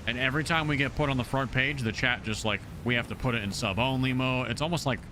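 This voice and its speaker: A man streaming a video game live, chatting casually and excitably shouting thanks to his supporters. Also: mid-range voice, quick pace, noisy background.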